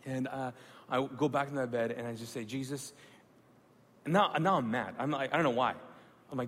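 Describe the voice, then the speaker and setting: A man preaching a sermon, telling a personal story with animated acted-out dialogue and hushed moments. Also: mid-range voice, moderate pace, long pauses, big-room sound, a little hiss or hum. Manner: animated, acts out dialogue with rising excitement then hushed reverence. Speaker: pastor.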